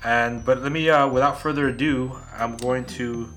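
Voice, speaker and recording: Bright-voiced man co-hosting a podcast. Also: medium pitch, normal speed, faint music behind. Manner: relaxed, filler-heavy talk, reads excerpts aloud. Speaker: podcast co-host. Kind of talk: casual chat and reading aloud.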